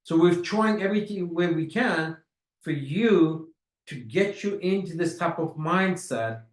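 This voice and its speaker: A man with a high voice delivers a motivational sales training, hammering points home through repetition and drawn-out words. His voice rings around a reverberant room. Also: animated. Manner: emphatic and repetitive, stretching key words. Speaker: network marketing trainer.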